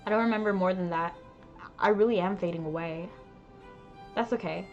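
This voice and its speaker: A woman's voice: lowish voice, normal speed, dull audio, faint music behind, close to an everyday voice. Woman doing a chatty innocent little girl. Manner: light, bouncy, bright lilt. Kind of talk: reading game dialogue aloud.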